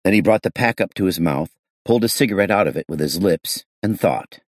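A man reading a detective novel aloud as an audiobook narrator, shifting his pitch to voice the characters. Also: lively intonation, brisk, dry recording, clean studio sound.

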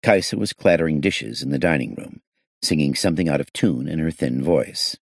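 A man reading a detective novel aloud as an audiobook narrator, shifting his pitch to voice the characters. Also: animated, normal speed, gravelly, dry recording, clean studio sound.

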